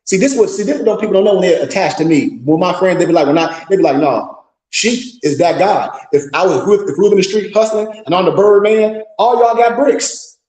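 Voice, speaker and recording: Animated high-voiced man in an echoey room. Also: fast, few pauses. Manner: animated, boastful storytelling with quoted voices. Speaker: pastor and teacher. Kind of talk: casual livestream talk.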